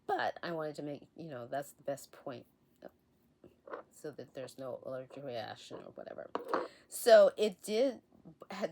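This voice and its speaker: A woman talks to her camera in a loose, rambling vlog manner, often restarting her sentences. Her voice is hoarse as she recovers from illness, and it sits low. She speaks slowly. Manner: chatty, rambling with restarts and soft laughs. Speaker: essential oils channel host. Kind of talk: casual talk to camera. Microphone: facing a camera.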